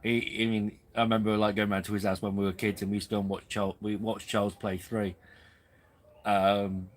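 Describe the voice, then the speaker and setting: A man's voice: lowish voice, little pitch movement, fairly quick. A man in his forties hosting a casual camping live stream from a tent. He rambles, goes off topic and pokes fun at himself. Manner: rambling, chatty, self-deprecating. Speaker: camping channel host.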